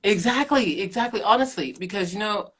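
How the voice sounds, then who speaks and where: A middle-aged woman, a keto coach and podcast guest, telling her story in an animated way, laughing often and acting out quotes. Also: mid-range voice, fairly quick, breathy edge. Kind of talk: casual interview chat.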